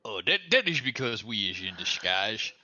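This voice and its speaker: A man's voice: lowish voice, very animated, moderate pace, sharp tone. A young man at a tabletop game, hesitant, with playful folksy phrasing. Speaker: player. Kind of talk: casual tabletop play.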